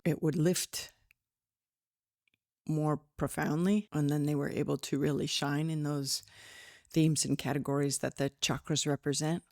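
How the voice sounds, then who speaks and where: A middle-aged woman with a low voice talks through her spiritual podcast, chatty and rambling with giggly asides. She sounds a little tired. The sound is dry and close, with no room echo. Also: a little mellow. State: tired with slight headache. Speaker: podcast host and spiritual teacher. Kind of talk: casual spiritual podcast talk.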